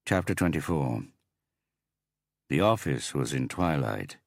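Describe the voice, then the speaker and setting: Very deep-voiced male audiobook narrator. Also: very animated, unhurried, creaky, no echo, studio quality. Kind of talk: scripted narration.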